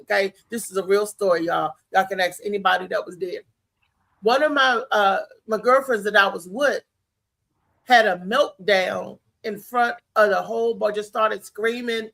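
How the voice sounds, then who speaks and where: A woman's voice: medium pitch, normal speed, vocal fry, a bit bright. A woman comedian hosting a talk show, telling an emphatic story with a preachy edge. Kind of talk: casual talk show monologue.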